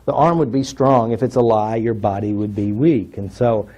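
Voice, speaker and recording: A man's voice: lowish voice, fairly even intonation, normal speed, mellow, breathy edge, muffled recording. A man telling a personal story to an audience, acting out what people said and asking the audience questions. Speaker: workshop speaker.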